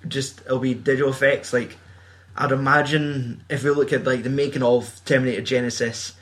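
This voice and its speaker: A man's voice: medium pitch, flat delivery, fairly quick, fairly bright tone. Casual scottish guy ranting about films, swears a lot, tons of likes. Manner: sweary, rambling with many fillers. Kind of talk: casual film chat.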